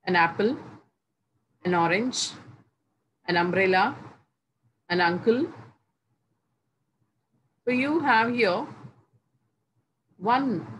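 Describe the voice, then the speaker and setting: A woman teaching English grammar, explaining each rule slowly and repeating the example words one by one with pauses between phrases. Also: medium pitch, low-quality recording. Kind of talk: slow, deliberate classroom explanation. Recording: faint background noise.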